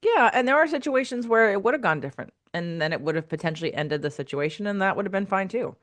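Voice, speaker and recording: A woman's voice: mid-range voice, animated, fast talker. A woman co-hosting a podcast as a business coach, talking candidly and with animation, swearing freely. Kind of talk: casual podcast chat.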